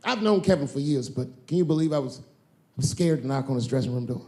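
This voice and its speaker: A man's voice: medium pitch, lively intonation, fast, darkish tone. A middle-aged man performing a stand-up comedy set, telling profane stories with sudden bursts of emphasis.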